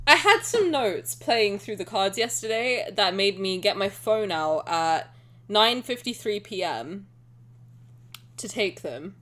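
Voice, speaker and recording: Excitable woman streamer with lively pitch. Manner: excitable and rambling, swears casually. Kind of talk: casual live-stream chat.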